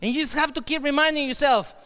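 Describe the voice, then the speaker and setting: A man with a Mexican Spanish accent giving an energetic motivational keynote to a crowd, leading call-and-response chants with bursts of shouting. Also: extremely high pitch, quick pace. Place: large hall at a leadership conference. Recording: echoey hall, long reverb.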